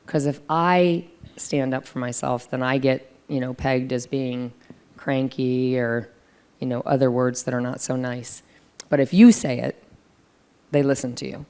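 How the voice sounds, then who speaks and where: A middle-aged American businesswoman with a very low, mellow voice. She speaks in a smooth, reflective way during a fireside chat, pausing often on fillers. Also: fairly even intonation. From United States. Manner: conversational, reflective, frequent fillers. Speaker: senior business leader, guest.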